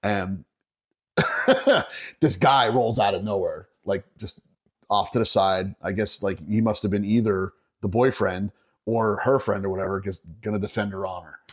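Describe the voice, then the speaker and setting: A middle-aged man from Northeastern Pennsylvania, a bassist guest on a podcast, telling a rowdy story in a casual, profane way and often breaking into laughter. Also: steady tone, moderate pace.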